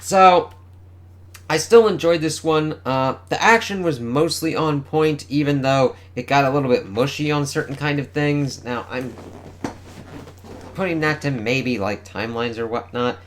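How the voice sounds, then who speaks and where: A man's voice: mid-range voice, unhurried, a little hiss or hum. A male reviewer talks through a comic in an offhand, loose way and swears freely. His voice sits in the middle of a man's range. He sounds unscripted and conversational. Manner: offhand and profane, reading panels aloud. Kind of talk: casual spoken review.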